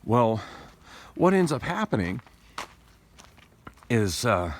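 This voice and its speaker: A man's voice: medium pitch, big pitch swings, slow, slight background noise. A man talking through a casual, rambling vlog monologue with many restarts, speaking through tooth pain and recorded on a phone. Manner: rambling, with frequent restarts and digressions. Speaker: vlogger. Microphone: phone camera.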